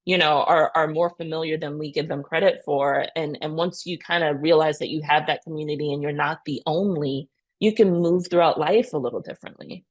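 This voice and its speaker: A woman in her thirties, a podcast guest telling her story with earnest, animated energy. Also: low-pitched, brisk. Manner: earnest, animated retelling with many "you know" and "right?". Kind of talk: conversational interview storytelling.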